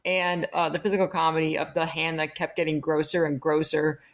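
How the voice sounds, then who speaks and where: Woman podcast host, lowish voice, rambling, casual review chat. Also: flat delivery, fairly quick, noisy background. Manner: rambling, filler-heavy.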